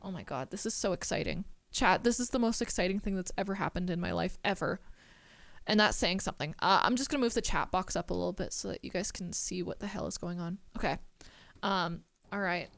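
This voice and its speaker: A woman streaming a game live, chatting casually and excitedly to her chat and the game. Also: lowish voice, fairly quick, creaky.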